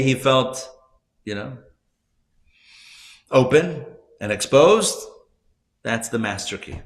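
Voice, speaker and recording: A man, a rabbi, teaching a live class, telling stories conversationally with asides and self-corrections, his voice swinging between loud emphasis and soft hushed moments. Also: mid-range voice. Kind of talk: live class lecture with storytelling. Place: class room at a community center.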